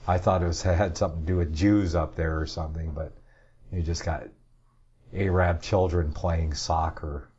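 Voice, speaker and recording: Low husky man rambling through news. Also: fairly even intonation, moderate pace, a little mellow. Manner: rambling, sarcastic asides. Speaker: talk show host. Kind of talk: casual news commentary. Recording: dull lo-fi audio.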